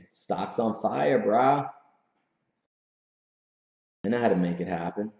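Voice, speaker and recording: A man's voice: lowish voice, expressive, slow pace, vocal fry. A man hosting a casual livestream from his home office, hyped and slangy, often laughing. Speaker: host. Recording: roomy, slightly dull room sound.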